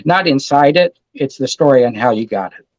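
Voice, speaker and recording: A man in his fifties, a comic store owner guest, telling a story in an animated, excited way over a call. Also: medium pitch, a little fast, dry recording, lo-fi sound. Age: 50s. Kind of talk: casual storytelling.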